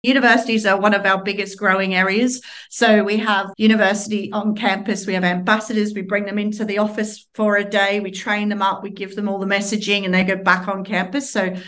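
A woman's voice: medium pitch, level tone, brisk, few pauses, fairly bright tone. Aussie woman answering interview questions, earnest, lots of restarts. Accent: Australian. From Australia. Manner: earnest, explanatory, with frequent fillers and restarts. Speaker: charity representative.

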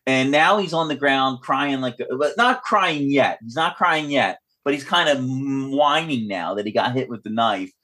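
A podcast host with a medium-pitched voice talks at normal speed with few pauses. In casual film discussion, he animatedly goes through a movie's ending and acts out its lines.

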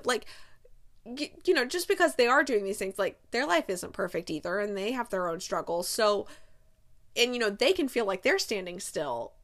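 The speaker is a movie reviewer in her thirties whose high-leaning, bright voice has a forceful edge. She runs through a film's plot chattily, full of filler words and rapid quoted bits.

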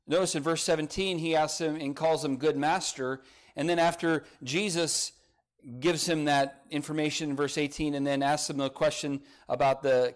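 A man preaching a sermon, rising to emphatic peaks and dropping to quiet, soft passages, and reading scripture aloud. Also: mid-range voice. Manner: reads scripture in old-style phrasing. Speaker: pastor.

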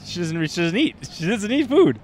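A man's voice: sits high, sing-song, moderate pace, a little mellow, slight background noise. A man co-hosting a comedy podcast, chatting casually and telling stories with lots of laughter, recorded outdoors. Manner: laughing, rambling storyteller. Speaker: podcast co-host and stand-up comedian. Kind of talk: casual banter. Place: outdoors in a park.

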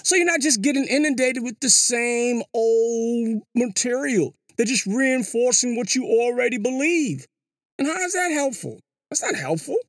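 A vlogger giving a casual monologue commentary. The delivery is animated and sing-song, full of slang, rhetorical questions and repeated words. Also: medium pitch, normal speed, no room sound. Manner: slangy, says "yo" and "you know" often. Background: hip hop music.

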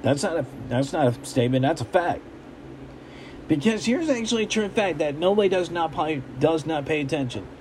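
A man's voice: on the high side, animated, brisk, a little mellow, slight background noise, poor audio. A young man in a blunt, repetitive, emphatic monologue, giving his opinions as a commentator. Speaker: political commentator. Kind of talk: casual ranting monologue.

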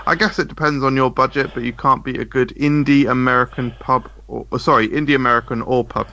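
A man's voice: mid-range voice, steady tone, brisk, pushed and bright, highs cut off, a little hiss or hum. A man co-hosting a podcast in casual chat, playful and reading listener comments aloud. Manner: playful, puts on a mock night-radio voice.

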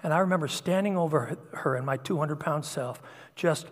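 A middle-aged man preaching a sermon, telling personal stories in a confessional way that swings from hushed to loud. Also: fairly high pitch, moderate pace, in a large hall.

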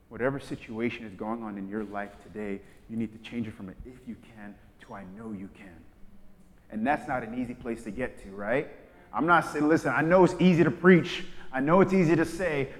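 A male pastor preaching a sermon, swinging from hushed, intimate passages to loud, fervent ones. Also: on the high side. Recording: long hall reverb.

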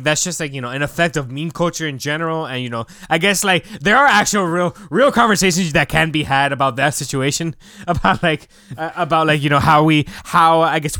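A young man with a bright, crisp voice co-hosts a podcast, chatting loosely, piling up fillers and swearing now and then. The voice is smooth and clear, a touch higher than most men's. It is recorded close in a dry room. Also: no room sound. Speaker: podcast co-host. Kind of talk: casual chat.

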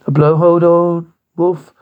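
A man's voice: on the high side, level tone, a little slow, narrow, tinny audio, natural voice. A man voicing a prim, put-upon smart male pig who speaks in fussy rhymes.

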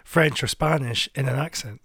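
A man's voice: medium pitch, moderate pace, fairly bright tone, slight background noise. Chatty man co-hosting a radio show. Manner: rambling and chatty, with easy laughter. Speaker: radio co-host playing records. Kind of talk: casual chat between records.

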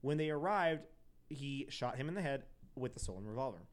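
A man's voice: mid-range voice, lively intonation, a little fast. A young man hosting a podcast, telling a true crime story casually, with profane asides and self-corrections. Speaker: podcast host.

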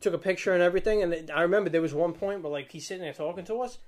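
A man's voice: sits high, racing. A young man telling a rambling, slangy story in casual chat, laughing as he goes. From Staten Island, New York.

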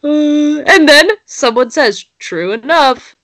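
A woman's voice: high voice, animated, takes it slowly, a bit bright, no room sound. A young woman, co-hosting a casual chat and reading social media posts aloud. She giggles and swears freely.

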